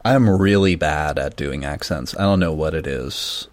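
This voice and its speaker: Deep-voiced Midwestern man, rambling. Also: measured pace. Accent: Midwestern American. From American Midwest. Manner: rambling, self-deprecating, laughs often. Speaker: podcast co-host. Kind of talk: casual chat.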